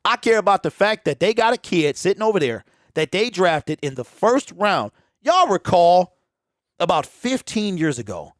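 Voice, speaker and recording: Here a man with a high-sitting voice talks at normal speed through a passionate one-man sports commentary, lecturing viewers directly in slang. There's no room sound and clean studio quality despite a popping desk mic at home.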